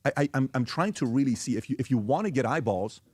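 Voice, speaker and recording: A man's voice: medium pitch, animated, quick pace, a little mellow, breathy edge, no room sound. A man talking in an interview, arguing emphatically and firing off rhetorical questions. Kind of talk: interview conversation.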